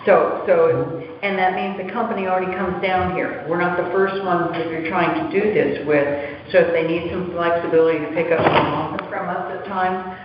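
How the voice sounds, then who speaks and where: A speaker explaining a point at a town meeting with frequent pauses. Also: mid-range voice, fairly even intonation. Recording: very echoey hall, muffled, noisy.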